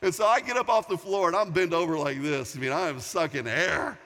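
Animated pastor man in echoing hall. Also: a little high, brisk. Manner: animated storytelling, emphatic. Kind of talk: sermon. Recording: long hall reverb.

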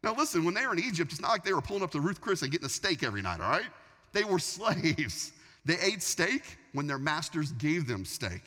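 Lively, bright-voiced male preacher in a hall. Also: fairly high pitch, a little fast. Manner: animated storytelling with frequent restarts. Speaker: pastor. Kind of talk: sermon. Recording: long reverb of a large hall.

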